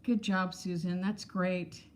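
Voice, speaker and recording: A woman's voice: lowish voice, level tone, slow pace. A woman in her fifties chatting candidly on a casual livestream, rambling from thought to thought and greeting viewers by name. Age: 50s. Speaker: vlogger.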